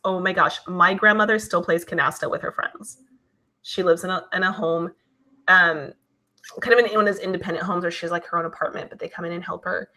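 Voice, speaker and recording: A woman hosting her channel, chatting casually and reading out viewer comments in a lively, talkative way. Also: lowish voice, moderate pace. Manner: chatty, animated, many fillers. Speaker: channel host.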